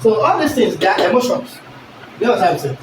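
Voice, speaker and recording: A male teacher, giving an animated lesson and constantly checking that the class understands. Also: high voice, a little fast, noisy background. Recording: echoey room recorded from a distance.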